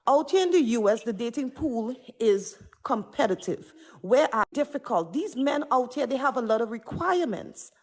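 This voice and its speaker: A woman's voice: a little high, lively intonation, normal speed, a little mellow. A woman speaking on a livestream panel, emphatic and preachy, who keeps repeating "stop it" and "okay?". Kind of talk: impassioned livestream panel talk.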